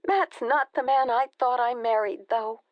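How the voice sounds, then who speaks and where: A woman narrator voicing an anxious young married woman, hushed and strained, close to tears. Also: on the high side, measured pace, no echo, dull audio, voice pushed up, natural voice. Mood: upset.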